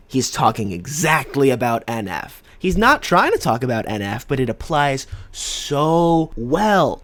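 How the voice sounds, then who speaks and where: A young man giving an opinionated, argumentative commentary on rap lyrics and quoting lines as he goes. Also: on the high side. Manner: animated and argumentative, quotes lyrics. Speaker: music commentator.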